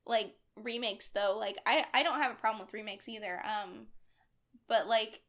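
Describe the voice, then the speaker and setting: A woman's voice: a little high, moderate pace, fairly bright tone. A woman co-hosting a podcast, chatting casually with many fillers and frequent laughs. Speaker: podcast co-host. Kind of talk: casual chat.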